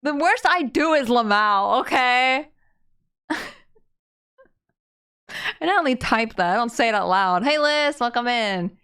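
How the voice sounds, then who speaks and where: A woman streaming a game live, chatting and reading its dialogue aloud with giggles and loud excited outbursts. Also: a little high, unhurried, long pauses, clear, resonant tone.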